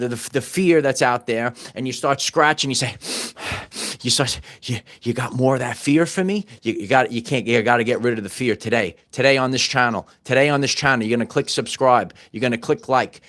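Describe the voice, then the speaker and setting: A man's voice: mid-range voice, a bit bright. A middle-aged man hosting his own channel, preaching in a loose, repetitive monologue full of stumbles and restarts. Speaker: channel host. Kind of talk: off-the-cuff motivational monologue.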